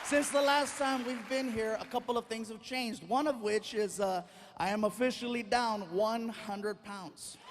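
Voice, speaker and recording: Guy with a really high voice doing stand-up, big crowd roaring, noisy live arena sound. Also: a little slow. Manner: energetic, animated storytelling, often shouting to the crowd. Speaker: stand-up comedian. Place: large arena on stage. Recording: live arena recording with loud crowd and noise. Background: cheering and laughing audience.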